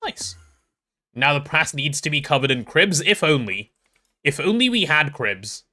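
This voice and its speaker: A man streams a game from his home setup, rambling through his build and greeting viewers in chat. His voice is bright and a little high, and his pitch swings widely as he talks. He restarts his sentences often and keeps an easy, chatty flow. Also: sing-song, a little slow. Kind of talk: casual live-stream chat while playing.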